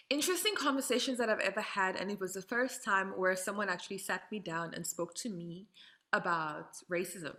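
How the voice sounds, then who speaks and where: A woman from Saint Martin talks as an interview guest with a clear, bright voice. She tells her story casually and animatedly, slipping into the voices of people she quotes and laughing along the way. Her pitch sits in a middle range. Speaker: interview guest, model and doll entrepreneur.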